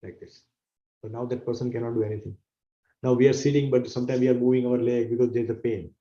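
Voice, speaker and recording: A man's voice: mid-range voice, flat delivery, fast, warm tone. A man teaching a scripture class, explaining earnestly and repeating his key phrases for emphasis. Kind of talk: explanatory sermon to an online audience. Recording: roomy, dull-sounding recording.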